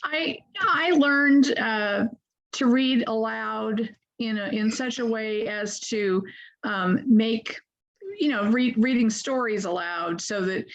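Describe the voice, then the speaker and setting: A woman in her sixties, a workshop participant, asking a question over a video call in a halting, self-correcting way. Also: fairly high pitch. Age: 60s. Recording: muffled video call audio.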